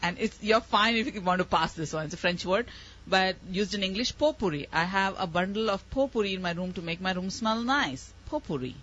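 A woman's voice: mid-range voice, animated, fairly quick, fairly bright tone. A woman running a live spelling contest as quizmaster, encouraging and explaining words patiently. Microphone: microphone. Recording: muffled lo-fi recording.

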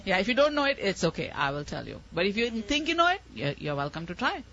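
Woman, spelling bee quizmaster, very animated pitch, patient explainer, muffled lo-fi sound. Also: quick pace. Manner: encouraging, explains words patiently. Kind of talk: running a live spelling contest. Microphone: microphone. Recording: muffled lo-fi recording.

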